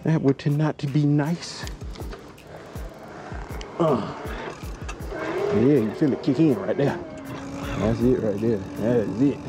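A man's voice: mid-range voice, takes it slowly, long pauses. A man riding an e-bike outdoors and vlogging as he goes, joking about himself in loose slang. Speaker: moto vlogger. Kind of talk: casual ride vlog. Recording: music playing under outdoor ride audio. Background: background music.

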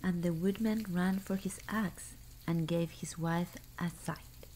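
Soft-voiced woman reading a bedtime story. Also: fairly low pitch, steady tone, slight background noise, low-quality recording. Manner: soft, hushed, unhurried.

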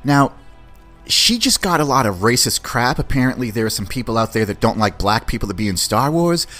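A man hosting a podcast, giving an excited, slangy, rambling review of a series. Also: mid-range voice, fairly quick, soft background music. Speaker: podcast host. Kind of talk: casual film review.

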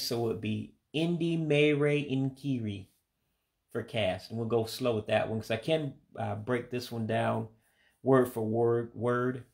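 A man in a casual home lesson talks through vocabulary at an easy pace. His voice sits in a middle pitch, and he repeats each word slowly and deliberately, sometimes pausing with uh and um. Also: creaky. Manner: slow, careful repetition of words; hesitant with fillers. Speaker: language learner teaching vocabulary.

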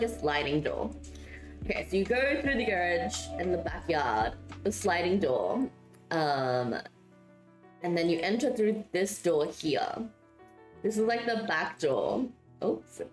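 Just awake, with a voice that hasn't warmed up yet, a woman streams herself building in a life-sim game and chats casually with viewers. She is giggly and talkative, reading and replying to chat, her pitch rising and falling a lot. Faint music plays beneath a noticeable room echo.

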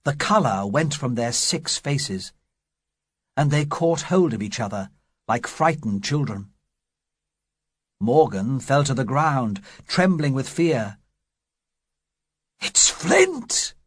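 Slow, lively male audiobook narrator. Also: mid-range voice, no echo, clean studio sound. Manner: slow, clear reading for English learners.

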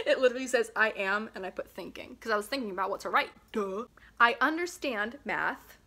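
A young woman with a high, sharp, bright voice chats casually to camera, giggling and teasing herself as she reads out old school papers. Her delivery is playful and self-mocking, with a sarcastic edge. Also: moderate pace, vocal fry. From Pennsylvania, US. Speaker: vlogger. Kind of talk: casual vlog chat, reading old school papers aloud.

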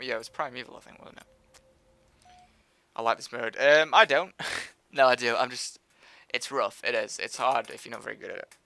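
A man streaming a video game live, chatting with viewers and teammates and breaking into loud, excited exclamations. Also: mid-range voice. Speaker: livestreamer. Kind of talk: live gameplay commentary. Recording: game gunfire under voice. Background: video game gunfire and effects.

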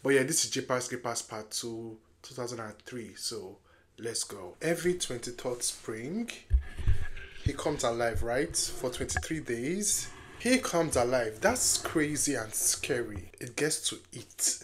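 A movie reaction vlogger chatting casually, talking back to the screen and shouting warnings at the characters. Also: mid-range voice, expressive, unhurried, noisy background. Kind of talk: casual live reaction to a film. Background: film soundtrack music playing.

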